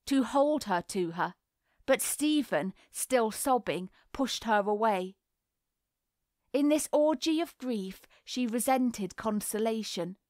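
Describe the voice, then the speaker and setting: Slow, measured woman narrator. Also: on the high side, no echo, studio quality. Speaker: audiobook reader. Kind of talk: scripted narration.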